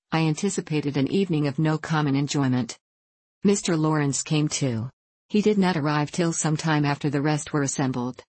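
A woman narrating a classic novel as an audiobook reader, measured and even. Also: deep voice, no room sound.

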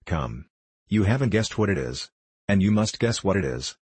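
A man's voice: low-pitched, sing-song, normal speed, darkish tone, breathy edge, no room sound, heavily acted. A man reading a playful young daughter. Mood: teasing. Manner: gleeful, teasing. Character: bright, loving young woman, playful daughter.

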